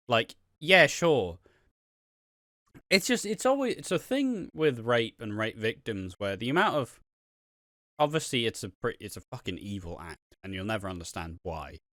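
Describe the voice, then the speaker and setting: A man's voice: on the low side, a bit bright, no room sound, clean studio sound. Blunt, sweary man. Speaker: podcast co-host. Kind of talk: casual chat.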